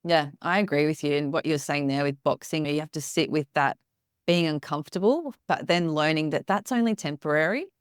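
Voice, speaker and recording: A woman's voice: low voice, a little fast, smooth, dry recording, clean studio sound. A woman speaking as a podcast guest, thoughtful and reflective. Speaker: podcast guest, yoga practitioner. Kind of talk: conversational interview.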